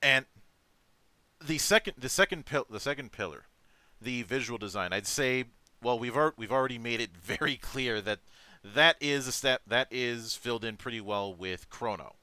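A man in casual discussion, talking haltingly and restarting often. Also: medium pitch, animated, sharp tone. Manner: halting, frequent restarts and fillers.

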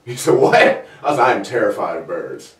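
A man with a lowish voice hosts a comedy talk show, chatting at a moderate pace as he tells casual stories. He's animated, laughs, and acts out the voices of the people in them. The sound is roomy, picked up by a distant mic.

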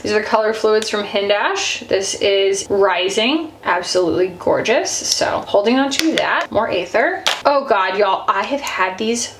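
A woman's voice: mid-range voice, animated, measured pace, few pauses, reverberant, background noise. A woman, chatting casually and gushing as she sorts through her makeup. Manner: chatty, sometimes gushing, with frequent "like" and "y'all". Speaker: beauty channel host. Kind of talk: casual chat while decluttering makeup.

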